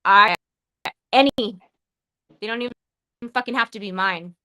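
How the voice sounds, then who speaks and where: A woman's voice: mid-range voice, unhurried, bright, forceful tone, no echo, rough recording. A woman hosting a live podcast, talking in an emotional, profane way and often stopping and restarting her sentences. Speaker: podcast host.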